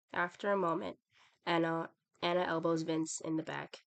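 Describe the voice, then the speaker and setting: A woman reading a book aloud in a steady, unhurried way. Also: low voice, vocal fry.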